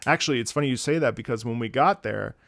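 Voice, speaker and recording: A man hosting a live stream, chatting casually and telling stories with lively impressions of people he met. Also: quick pace, vocal fry, no room sound, clean studio sound. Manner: animated storyteller, mimics French voices with high loud bursts. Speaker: streamer host.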